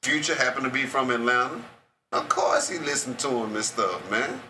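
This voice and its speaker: A bright-toned man argues football in relaxed, confident banter and laughs often. A faint hum of room noise sits behind him. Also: medium pitch, moderate pace. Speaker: co-host. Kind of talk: casual sports talk banter.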